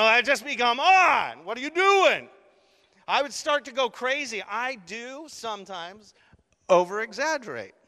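Animated male pastor preaching in a hall. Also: high-pitched. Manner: animated, acts out scenes with sudden shouts and hushed asides. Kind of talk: sermon. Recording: long reverb of a large hall.

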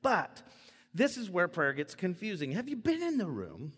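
A man preaching a sermon in a church, playful and animated, acting out stammering prayers. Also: high voice, moderate pace, breathy edge, long reverb tail. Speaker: pastor.

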